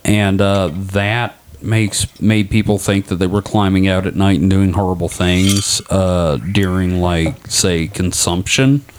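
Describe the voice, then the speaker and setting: A man's voice: low voice, fairly even intonation, measured pace, few pauses, slight background noise. A young man co-hosting a casual podcast, loose and profane, joking with his co-host.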